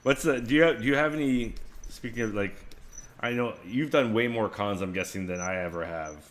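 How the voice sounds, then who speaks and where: A man co-hosting a casual chat, telling an animated story and acting out the quotes loudly. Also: on the low side, brisk. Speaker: co-host.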